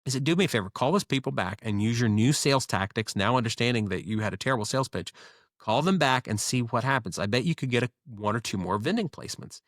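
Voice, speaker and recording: A man, a guest business owner, telling stories in a casual interview with quick, animated delivery and frequent restarts. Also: mid-range voice, no echo, clean studio sound.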